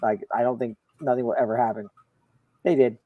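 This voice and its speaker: A middle-aged man on a video call, a comics show panelist, telling a long personal story in casual chat with lively quoting. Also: medium pitch, brisk, no echo, narrow, tinny audio. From Florida, USA. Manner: storytelling, animated, quotes others.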